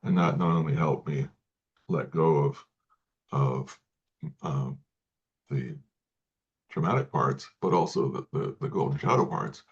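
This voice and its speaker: A man speaking as an interview guest, talking in halting sentences with many restarts and repeated words. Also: extremely low pitch, highs cut off. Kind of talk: casual interview talk.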